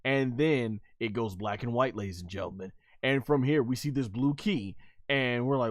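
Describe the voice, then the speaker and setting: A man reviewing an anime episode as he watches, hyped up, acting out the characters' shouts and stumbling through plenty of fillers. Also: mid-range voice, normal speed, no room sound, studio quality. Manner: animated, acts out characters' lines, many fillers. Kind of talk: excited anime episode commentary.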